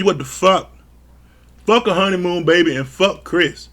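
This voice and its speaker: A man's voice: high-pitched, measured pace, fairly bright tone. A man recapping a reality show in a casual, blunt and profane way, sounding exasperated. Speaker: show reviewer.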